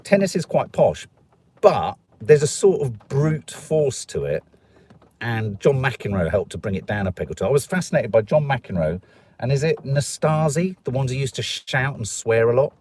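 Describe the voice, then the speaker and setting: A middle-aged Englishman from Stoke hosts a live stream, his mid-range voice darkish and slightly rough, with lively intonation at a moderate pace. Reading viewer comments, he's chatty, jokey, and rambling, and he puts on voices when quoting people.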